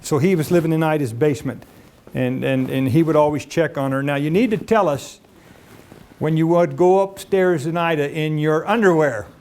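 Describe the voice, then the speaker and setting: Man, slightly high voice, teasing presenter at a memorial. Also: normal speed, a little mellow. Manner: teasing, coaxing. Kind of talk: prompting a guest at a memorial.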